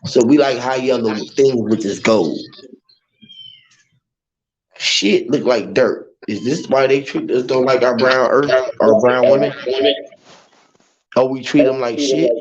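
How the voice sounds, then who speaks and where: A man hosting a casual livestream, rambling loudly and mockingly mimicking greetings. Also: medium pitch, measured pace, long pauses. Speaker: livestream host. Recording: muffled lo-fi audio with faint hiss.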